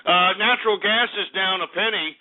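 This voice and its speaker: A man's voice: high voice, normal speed. Male talk-radio host, combative ranting market reporter, lo-fi phone-quality sound. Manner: loud, crude, combative, swears at listeners. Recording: tinny phone-like lo-fi audio.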